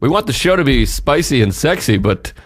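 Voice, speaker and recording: A man's voice: mid-range voice, sing-song, a little fast, no echo, studio quality. Wry teasing male podcast host. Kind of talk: casual comedic banter.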